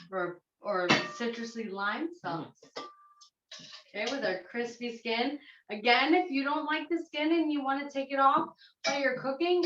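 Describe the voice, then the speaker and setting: Her voice sits on the high side and the audio is very noisy as this woman, an executive chef, gives a chatty, step-by-step cooking demo in her kitchen. There's a roomy, slightly dull quality to the sound.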